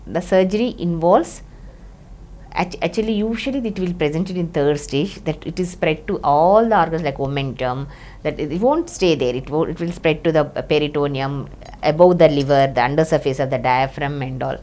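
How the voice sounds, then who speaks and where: Middle-aged woman doctor, Indian English accent, low voice, halting explainer delivery. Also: warm tone. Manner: hesitant, restarts with many fillers. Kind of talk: explaining a medical topic to camera.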